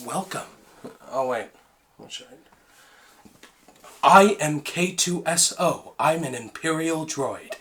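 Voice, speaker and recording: A young man voicing a blunt male imperial security robot, speaking low and flat. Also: takes it slowly, long pauses, slight background noise. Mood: deadpan.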